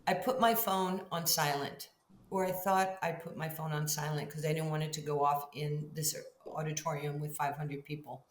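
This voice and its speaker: A woman's voice: low voice, fairly even intonation, normal speed, reverberant, slight background noise. A middle-aged woman telling a story as a podcast guest, animatedly acting out both sides of each conversation. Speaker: guest, Hall of Fame basketball player.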